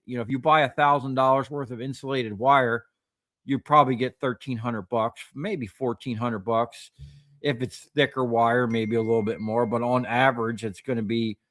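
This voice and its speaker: A man's voice: mid-range voice, fairly bright tone, no room sound, clean studio sound. A man, a scrap metal recycler, telling rambling anecdotes on a livestream, full of fillers and quoted dialogue. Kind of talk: casual storytelling on a livestream.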